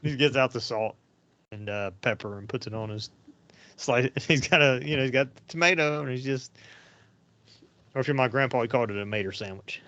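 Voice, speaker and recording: Sharp-toned and fairly quick, with a mid-range voice, a podcast host rambles through casual anecdotal stories packed with fillers. The audio is dry and has a dull lo-fi character.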